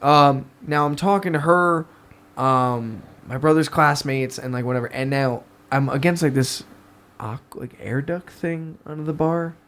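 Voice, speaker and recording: A man's voice: a little high, moderate pace, fairly bright tone. American man telling a rowdy story. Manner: swearing, laughing storyteller. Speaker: podcast guest. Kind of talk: casual storytelling.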